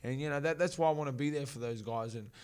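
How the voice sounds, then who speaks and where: A man's voice: mid-range voice, quick pace, clean tone. An Australian man co-hosting a casual podcast, telling stories with lots of energy and acting out other people's voices. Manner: animated storyteller, acts out voices of others. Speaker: podcast co-host and fight coach.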